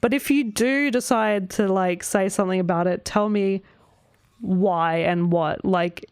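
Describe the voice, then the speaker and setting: A woman's voice: mid-range voice, measured pace, a little mellow, clear, resonant tone, no room sound. Rambling woman vlogger, dry sound. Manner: rambling, filler-heavy, often asks 'right?'; swears freely. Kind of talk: casual chat.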